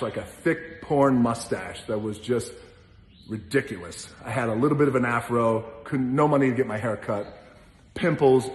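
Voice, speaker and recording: A man spins a casual story with lively energy, slipping into bits of song along the way. His mid-pitched voice rings through a big hall with a long, roomy reverb. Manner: animated storyteller, breaks into song, laughs. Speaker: storyteller answering questions. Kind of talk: casual anecdote. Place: large gym.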